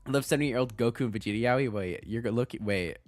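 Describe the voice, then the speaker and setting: A young man chatting casually on a livestream as a VTuber streamer, excitable, laughing often and swearing freely. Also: mid-range voice, fairly quick, no room sound, faint music behind.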